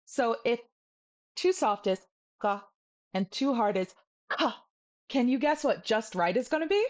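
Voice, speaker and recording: A woman teaching a video language lesson, patient and playful, repeating each sound slowly so the viewer can copy it. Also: fairly high pitch, animated, darkish tone.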